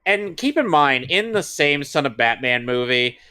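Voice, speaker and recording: A man's voice: on the high side, sing-song, moderate pace, pushed and bright. A man co-hosting a casual watch-along chat, giving long-winded, opinionated breakdowns. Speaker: co-host.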